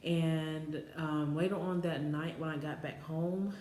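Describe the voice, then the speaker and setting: A woman in her late twenties, a vlogger, tells a personal story to camera in a chatty, rambling way full of filler words. Her voice is low-pitched, steady and a little mellow, at a measured pace. The recording has roomy echo and faint background noise.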